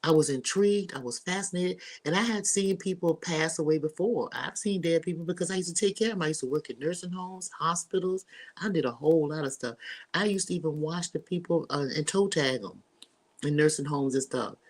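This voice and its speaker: A woman's voice: deep voice, a little fast, a little mellow. A middle-aged woman hosting, telling a personal story in casual chat to her listeners, candid and earthy. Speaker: host.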